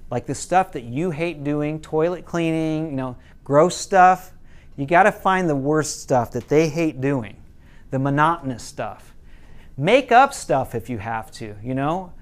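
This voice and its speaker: With an expressive, unhurried voice, a middle-aged man teaching parents relates a casual story. He voices parents and children in lowered tones and sometimes starts over mid-thought.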